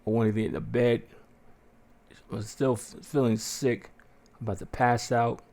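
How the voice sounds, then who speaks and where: Swearing, animated man telling a story. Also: mid-range voice, normal speed, vocal fry. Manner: profane, animated, acts out quotes in a raised voice. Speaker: podcast host. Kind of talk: casual storytelling chat.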